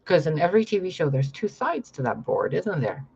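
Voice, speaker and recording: Young guy ranting to camera, gravelly husky voice, swears a lot, kinda muffled lo-fi audio. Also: fairly high pitch, very animated, fairly quick, a little mellow. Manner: profane, rambling. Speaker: spiritual vlogger. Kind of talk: rambling monologue to camera.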